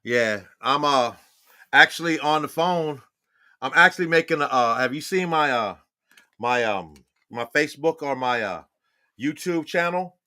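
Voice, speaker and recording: A man's voice: mid-range voice, expressive, unhurried, bright, forceful tone, no echo, studio quality. A man in his sixties giving a rambling, profane livestream monologue with laughing asides. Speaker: livestream host. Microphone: phone or webcam on a live stream.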